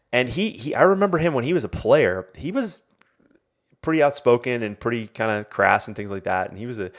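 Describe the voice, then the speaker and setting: A man hosting a live online Q&A as a coach, talking casually with many fillers and restarts. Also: mid-range voice. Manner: rambling, many fillers and restarts, animated quotes. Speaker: coach and host.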